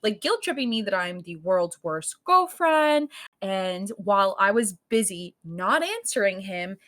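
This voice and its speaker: A young woman co-hosting a podcast, telling a story in casual chat, full of fillers and cursing, acting out quoted lines loudly. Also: medium pitch, measured pace. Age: young adult. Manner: animated storytelling, heavy filler "like", frequent cursing; acts out quoted lines in raised louder voice. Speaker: podcast co-host.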